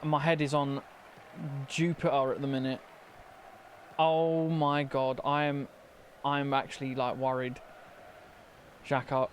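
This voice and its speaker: A man's voice: medium pitch, flat delivery, normal speed, long pauses, a little hiss or hum. A young man commentating his own football video game, flustered and stammering as things go wrong. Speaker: gaming commentator. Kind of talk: casual gameplay commentary.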